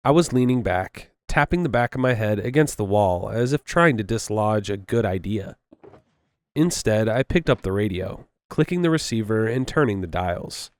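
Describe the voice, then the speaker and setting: A man reading a horror story aloud in a measured way. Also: medium pitch, smooth, no room sound. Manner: measured, with casual asides. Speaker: story narrator.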